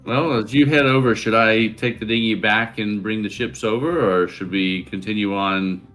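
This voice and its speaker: A man with a lowish voice talks through a tabletop game, conversational and a little hesitant. Faint music plays underneath. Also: steady tone, moderate pace, fairly bright tone. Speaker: player. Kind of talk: tabletop role-play.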